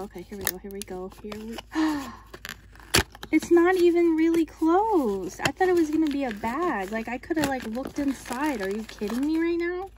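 A young woman in a casual haul vlog, chatting and gushing excitedly as she shows what she bought. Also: medium pitch. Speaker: vlogger showing her purchases. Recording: clear background noise.

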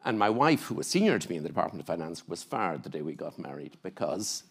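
Hesitant older Irish man, low-voiced. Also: big pitch swings, fast talker, breathy edge. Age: 70s. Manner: hesitant, restarts with stammered words. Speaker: economist panel guest. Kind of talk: panel discussion. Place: festival talk stage.

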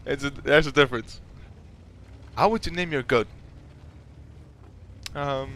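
A young man from the Netherlands with a Dutch accent, a YouTuber casually reading out viewer questions and answering them with giggles and halting fillers. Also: mid-range voice, a bit bright. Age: young adult. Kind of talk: casual Q&A chat.

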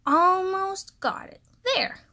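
A woman's voice: very high voice, animated, takes it slowly, pushed and bright, voice pushed up, heavily acted. A woman doing a cheerful little toy doctor girl. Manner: upbeat, reassuring.

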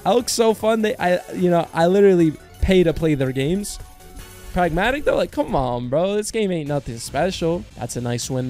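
A man giving casual slot gameplay commentary, joking in slang, swearing a lot and breaking into high yells on big wins. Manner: slangy and joking, talks to viewers as bro and partner. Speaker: slot streamer.

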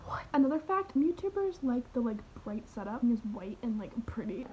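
A woman's voice: fairly high pitch, sing-song, a little fast, muffled recording, a little hiss or hum. A teenage girl rambling through a parody vlog in her bedroom, full of fillers and drifting into whispers. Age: teens. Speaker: vlogger.

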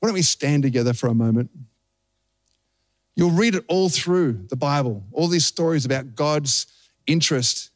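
A man's voice: on the high side, no echo. A man with an Australian accent, a pastor preaching a sermon and telling a story with acted-out voices. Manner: animated storytelling, acting out voices.

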